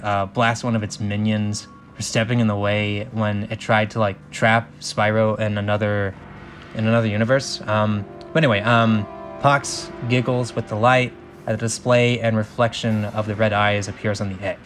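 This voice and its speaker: A man's voice: fairly low pitch, little pitch movement, moderate pace, faint music behind. A young man reading a film script aloud, breaking off to joke and apologize in a self-mocking way. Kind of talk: script reading with casual commentary.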